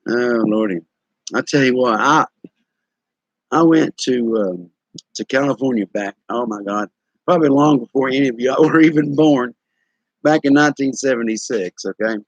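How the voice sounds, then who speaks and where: A man's voice: mid-range voice, moderate pace, dry recording, muffled recording. A man in his sixties from Tennessee with a Southern accent, casually telling folksy stories to his stream viewers. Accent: East Tennessee Southern. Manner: drawling, folksy, chuckling storyteller. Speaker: live stream host. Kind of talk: casual storytelling to chat viewers.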